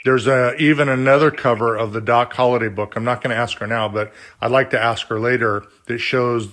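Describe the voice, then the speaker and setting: A man's voice: mid-range voice, fairly even intonation, fairly quick, a bit bright. A man hosting an interview, chatty and rambling as he introduces his guest. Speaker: interview host. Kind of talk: casual interview chat.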